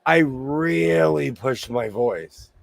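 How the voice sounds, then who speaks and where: Hoarse guy chatting loud and lively, voice kinda shot, dry close sound. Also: mid-range voice, very slow, no room sound. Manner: loud, animated storyteller. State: hoarse, losing his voice. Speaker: host. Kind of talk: casual chat. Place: home sewing room.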